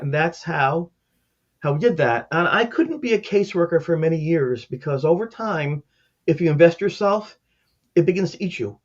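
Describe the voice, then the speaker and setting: A man's voice: fairly high pitch, expressive, normal speed. A man around sixty, a former caseworker and teacher, telling personal stories in an earnest, heartfelt way during an interview. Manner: earnest, heartfelt, acts out the people in his stories. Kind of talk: emotional personal storytelling. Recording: dull lo-fi sound.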